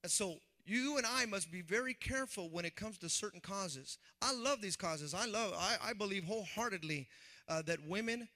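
Acting out quoted voices, a man who is a pastor preaches a lively, conversational sermon at normal speed in a high-pitched voice.

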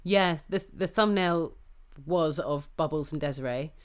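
A deep, clean-toned voice belongs to a woman co-hosting a podcast, speaking unhurriedly. She gets heated and animated in the casual conversation, swearing freely to drive her points home.

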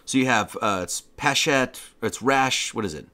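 A man's voice: mid-range voice, normal speed, bright, forceful tone. A man hosting a livestream, giving a casual lecture in a mocking, slangy way. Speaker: livestream host.

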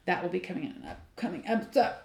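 A woman co-hosting a podcast from California, chatting casually and laughing between quick asides. Her voice carries a noticeable room echo, like a bare space around the mic. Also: lowish voice, big pitch swings, creaky, a little mellow. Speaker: podcast co-host. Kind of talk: casual chat.

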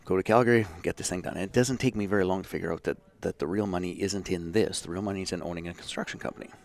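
A man in his fifties from Saskatchewan, a podcast guest telling his story in a lively, self-deprecating way. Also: low-pitched, rapid-fire, vocal fry. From Saskatchewan, Canada. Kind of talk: casual storytelling.

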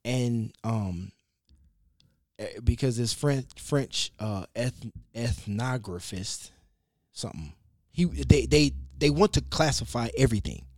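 A man telling a story in a casual conversation, loose and animated, with slang, cursing and frequent restarts. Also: mid-range voice, slow, dry recording, studio quality.

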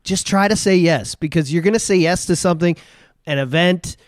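A man's voice: high-pitched, a little fast, dry recording, clean studio sound. Playful male radio co-host. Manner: playful, chatty. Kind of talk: casual banter.

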